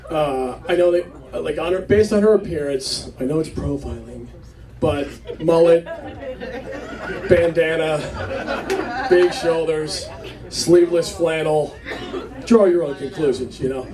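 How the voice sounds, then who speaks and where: Male stand-up, slightly high voice, loose rambling storyteller, distant club recording with audience laughter. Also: a little slow, long pauses. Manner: conversational, rambling with fillers, acts out quotes. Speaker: stand-up comedian. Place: small comedy club. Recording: club set taped from a distance, crowd laughter.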